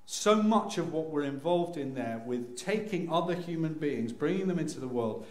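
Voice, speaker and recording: Animated man telling a funny story. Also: normal speed. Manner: animated, acts out scenes with sudden loud high cries. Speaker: speaker telling a personal story. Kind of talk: humorous storytelling to an audience. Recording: echoey room.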